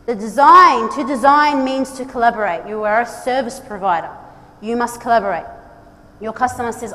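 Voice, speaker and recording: A woman giving a lively, direct conference presentation to a trade audience, urging them on with playful asides. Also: a little high, moderate pace. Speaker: design speaker at a trade congress. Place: large conference hall. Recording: long hall reverb, faint background noise.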